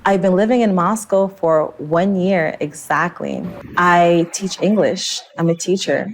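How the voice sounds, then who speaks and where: A woman's voice: lowish voice, measured pace, background noise. A woman who teaches English, telling an emotional personal story in an interview. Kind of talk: personal testimony.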